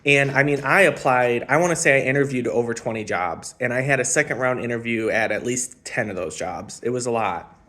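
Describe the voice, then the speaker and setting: A man in his thirties telling his own life story in a casual, rambling, reflective way, often pausing with ums. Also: medium pitch, animated, pushed and bright. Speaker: spiritual channeler and former music teacher.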